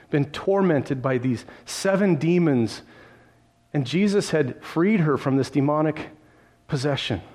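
A man's voice: a little high, darkish tone. A man preaching a sermon, retelling a story vividly and addressing listeners directly, with frequent restarts. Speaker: pastor.

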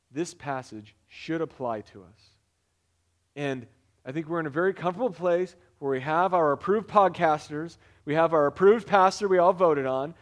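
A pastor with a high voice preaches a sermon and works a personal story into it. His telling is animated and story-driven, breaking into loud bursts whenever he gets excited.

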